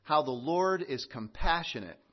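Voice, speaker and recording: A man preaching a sermon, earnest and measured, with emphatic pauses. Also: on the high side, expressive, breathy edge, dull audio. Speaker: pastor.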